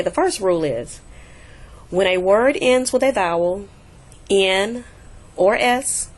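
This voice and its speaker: A woman teaching a recorded language lesson, patiently repeating example words slowly to show the stress. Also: mid-range voice. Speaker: Spanish teacher.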